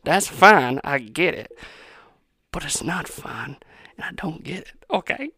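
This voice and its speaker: A man's voice: fairly high pitch, expressive, measured pace, sharp tone, slightly rough, dry recording. A man in his twenties ranting on his own podcast, rambling, sarcastic and full of profanity. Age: 20s. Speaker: podcast host. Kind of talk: profane solo podcast rant.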